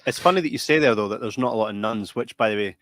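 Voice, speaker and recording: A man's voice: mid-range voice, rapid-fire, fairly bright tone, no room sound. A man, hosting a podcast and joking with his guests. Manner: jokey, chuckling interviewer. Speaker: podcast host. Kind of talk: casual podcast chat.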